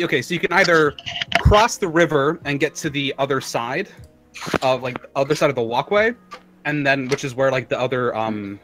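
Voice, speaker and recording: A man's voice: mid-range voice, poor audio. A man narrating as game master of a tabletop game, describing scenes in a loose, descriptive way with many fillers.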